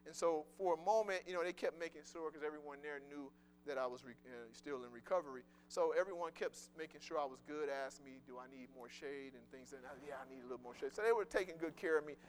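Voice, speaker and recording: A man giving a sermon with personal testimony, conversational and emphatic, repeating words and swinging from loud declarations to soft murmurs. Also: fairly high pitch, fast talker, slight background noise.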